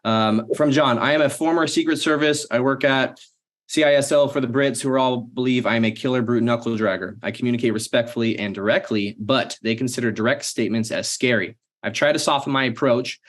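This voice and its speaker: A man in his thirties co-hosts a leadership Q&A. He talks earnestly at a mid-range pitch and often tells a personal story. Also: fairly even intonation, brisk. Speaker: co-host. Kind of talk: casual Q&A talk.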